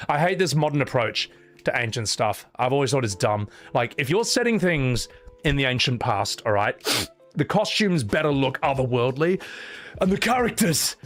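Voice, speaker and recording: A man's voice: mid-range voice, animated, normal speed, a bit bright, soft background music. Profane, opinionated male streamer. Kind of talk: livestream chat reading donations.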